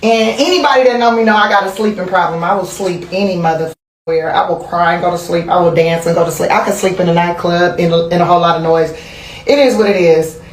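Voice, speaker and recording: A woman telling a candid personal story in a casual interview, animated and profane, laughing as she goes. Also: lowish voice, fast talker, reverberant, slight background noise. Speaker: interview guest.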